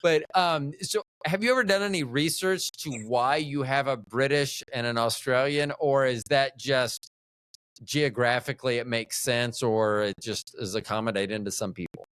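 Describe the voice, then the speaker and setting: A man's voice: mid-range voice, normal speed, a bit bright, smooth, no room sound, clean studio sound. A middle-aged American man hosting a casual interview, thinking aloud and rambling with frequent restarts. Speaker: podcast host.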